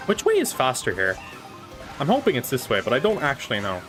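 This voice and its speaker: A man's voice: mid-range voice, huge pitch swings, a little fast, over music. Chatty young man streaming a race. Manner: rambling, chatty, swears casually. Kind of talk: casual live gameplay chat. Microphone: desk microphone.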